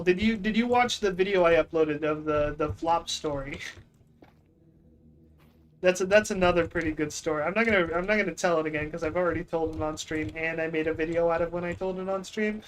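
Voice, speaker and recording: A man telling a long story on stream in a casual, rambling way, full of fillers and restarts, with deadpan mock boasting about himself. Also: high voice, poor audio. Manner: rambling, self-mocking, with lots of fillers and restarts.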